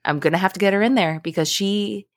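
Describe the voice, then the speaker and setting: A young woman co-hosting a podcast, chatting casually and telling animated stories about her day. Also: medium pitch, fast, dry recording, studio quality. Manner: chatty, animated storytelling with frequent laughs. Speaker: podcast co-host. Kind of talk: casual chat.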